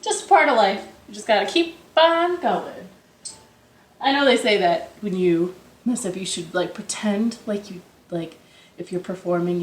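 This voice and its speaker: A woman's voice: medium pitch, slight background noise. A young woman hosting a children's storytime from her living room, chatty and cheerful, laughing at her own slips. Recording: echoey living room with ukulele.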